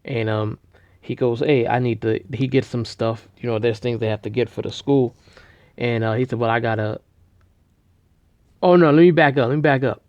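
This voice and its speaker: Guy rambling thru a story all slangy with tons of ums, mid-pitched voice, kinda muffled lo-fi recording. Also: brisk, dry recording. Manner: rambling, slangy, full of fillers and restarts; grows animated and loud at dramatic moments. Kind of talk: casual retelling of a film. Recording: dull lo-fi recording.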